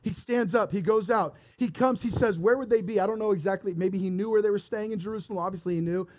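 A man preaching a sermon, retelling a story with lively acted-out voices and frequent restarts. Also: high voice, fast. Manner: animated storytelling, acting out characters, repeated restarts. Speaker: pastor.

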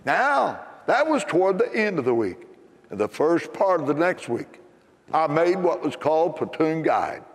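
An older American man preaching a sermon in a church, telling a story with animated, emphatic punchlines. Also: a little high, unhurried, in a large hall. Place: church sanctuary.

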